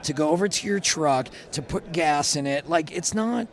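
A man's voice: a little high, moderate pace. A middle-aged man, a food truck owner, telling stories in casual panel chat and acting out quotes. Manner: animated storyteller, acts out quotes.

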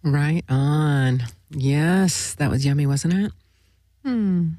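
A woman's voice: deep voice, slow pace, mellow. A woman hosting a spiritual talk show, speaking in a meandering monologue full of "you know" and "right?". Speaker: host.

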